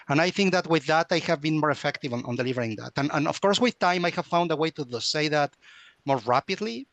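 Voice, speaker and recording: A man's voice: a little high, lively intonation, fast, fairly bright tone, no echo. A man from Mexico with a Mexican accent, a Spanish native speaker, earnestly explaining his point on a panel and repeating words as he goes. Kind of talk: panel discussion.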